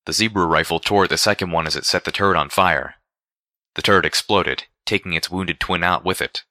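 A man narrating a first-person story with a steady, expressive reading. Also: low voice, fairly quick, dry recording, studio quality. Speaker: audiobook narrator.

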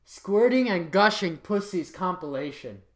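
An adult reads a list of titles aloud for laughs, using a mock-serious tone that keeps cracking into laughter and now and then slipping into an announcer voice. The voice is mid-range, expressive, and a little slow.

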